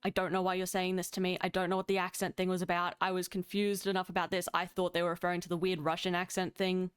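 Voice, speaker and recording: A woman's voice: lowish voice, little pitch movement, clean tone, no room sound, clean studio sound. A woman in a heated voice-call discussion, talking firmly and with irritation. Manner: firm, irritated, rapid-fire. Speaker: call participant.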